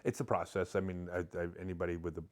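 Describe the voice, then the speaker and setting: A man's voice: low voice, steady tone, very fast, darkish tone. A middle-aged man, a podcast guest, candidly telling an emotional personal story with many restarts.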